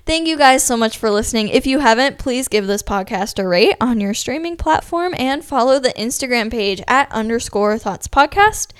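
A woman's voice: fairly high pitch, lively intonation, moderate pace, few pauses, clean tone, no room sound. Chatty young woman podcast host. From Ohio. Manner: chatty, upbeat, many "like" fillers. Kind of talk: casual solo podcast monologue.

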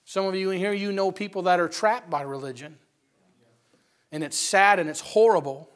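A male preacher telling a story in a sermon at church, building to fervent, near-shouted passages. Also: sits high, steady tone, normal speed.

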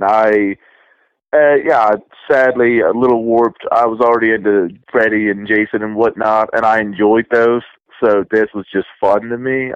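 Low-voiced man chatting on a dull podcast mic. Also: smooth, no room sound. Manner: relaxed, meandering, many restarts. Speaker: podcast co-host. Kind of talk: casual chat.

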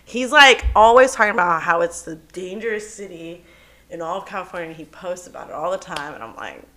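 A young woman co-hosting a podcast, telling a story in casual chat, animated and cursing freely, laughing as she goes. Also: lowish voice, brisk, a little hiss or hum. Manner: animated, swears often, laughs through her story. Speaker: podcast co-host.

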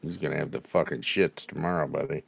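Gravelly low-voiced man, crude banter. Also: steady tone, fast. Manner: crude, profane banter with frequent laughs; former bar-band musician. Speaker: podcast co-host. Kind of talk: casual chat.

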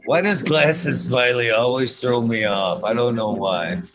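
A laid-back male host chatting casually on a livestream. He speaks at an unhurried, slow pace and greets people by name as they join. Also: mid-range voice, crowd noise, low-quality recording.

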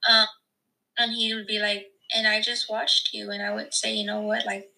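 Bright, gravelly young woman guest. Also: mid-range voice, flat delivery, low-quality recording. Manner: emotional, halting, many fillers. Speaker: podcast guest. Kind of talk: casual chat.

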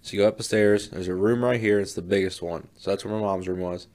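A man's voice: lowish voice, steady tone, fast talker, darkish tone. A man co-hosting a podcast, laid-back and laughing often in casual chat. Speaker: podcast co-host.

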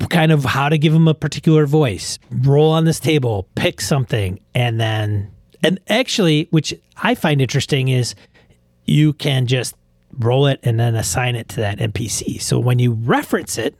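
Male podcast co-host, mid-pitch voice, easygoing and meandering, dry sound. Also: moderate pace, a little mellow, no echo. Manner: loose, rambling with restarts. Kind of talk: casual chat.

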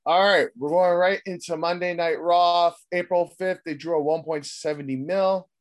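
A man's voice: high-pitched, steady tone, moderate pace. Male podcast host, loose rambling recap, swears freely. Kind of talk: casual recap chat.

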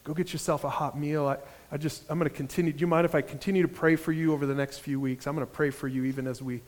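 A man voicing a gentle, compassionate Christian friend in a hushed, earnest way. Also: on the high side, fairly even intonation, fast talker, big-room sound, lightly acted.

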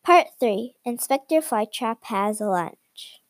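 A woman reading a children's chapter book aloud in a slow, careful storybook manner. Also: fairly high pitch, animated, no room sound. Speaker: reader.

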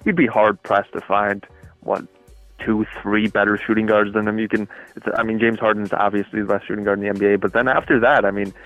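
A man's voice: lowish voice, little pitch movement, fairly quick, fairly bright tone, soft background music, low-quality recording. A man appearing as a guest sports writer on a podcast, giving confident, emphatic opinions. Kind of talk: casual sports chat.

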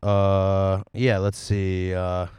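American man, podcast co-host, casual comedic chat, smooth clear voice, dry close sound. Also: low-pitched, monotone, extremely slow, a little mellow, no echo. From United States. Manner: jokey, does silly voices and sings.

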